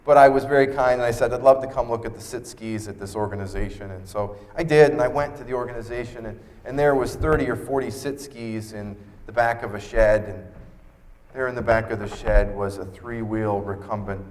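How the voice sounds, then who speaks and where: A man giving an earnest personal storytelling talk as a keynote speaker at an expo, acting out dialogue in lively voices. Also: medium pitch, moderate pace, in a large hall. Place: expo stage.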